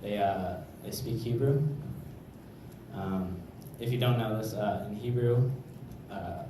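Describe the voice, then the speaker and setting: Speaking slowly in a fairly low voice, a young comedian works through a stand-up set at a club, wandering and stuffing his lines with fillers. The mic sits far off, so the sound is echoey and noisy.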